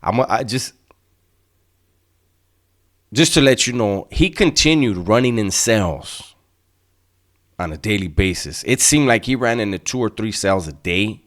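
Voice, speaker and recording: A man's voice: on the low side, lively intonation, measured pace, long pauses, fairly bright tone. A middle-aged man, casually telling a story to his viewers in profane street slang. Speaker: channel host telling prison stories.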